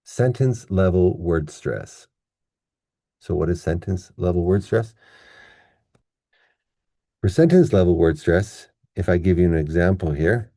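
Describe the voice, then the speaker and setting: A low-voiced man with a dark tone and lively intonation teaches English pronunciation online. Step by step and with patience, he slows his speech to show word stress. The studio-quality audio has no echo.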